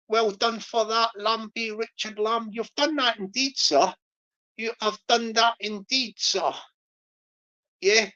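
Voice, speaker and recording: A woman's voice: mid-range voice, unhurried, a bit bright. Rambling woman livestream host, lo-fi. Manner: rambling, many fillers and restarts. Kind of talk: casual livestream chat.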